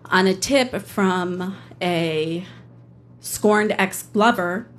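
A woman, a public defender, telling a personal story on stage in plain, steady narration. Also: mid-range voice, very slow.

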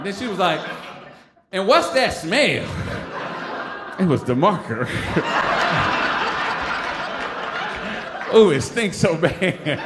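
A man, a stand-up comic telling a funny story live on stage, animated and laughing as he acts out other voices. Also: on the high side. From Detroit. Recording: roomy stage sound with noise.

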